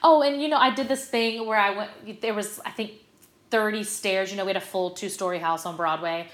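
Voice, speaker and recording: A middle-aged woman, a stage actress, telling stories as a guest in a casual interview, animated and full of fillers. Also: mid-range voice, brisk. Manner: animated, chatty, lots of fillers. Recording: roomy echo.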